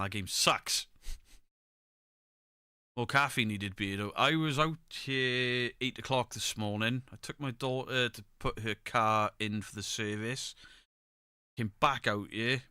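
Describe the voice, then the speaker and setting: A man's voice: lowish voice, unhurried, sharp tone, clear, resonant tone, no room sound. A middle-aged man, chatting casually on a live stream, greeting viewers by name and swearing freely. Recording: close mic, dry room.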